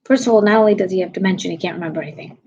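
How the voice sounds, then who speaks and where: Woman comedian, husky low voice, blunt profane rant, tired, lo-fi stream sound. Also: racing, dark tone. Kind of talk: casual rant to viewers.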